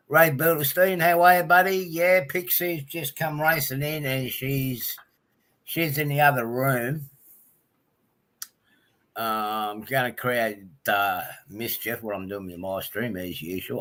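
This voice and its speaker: Bright-voiced Aussie man hosting a livestream. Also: medium pitch. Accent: Australian. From Australia. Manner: chatty, greets viewers one by one, many ums. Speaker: livestream host. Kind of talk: casual livestream chat.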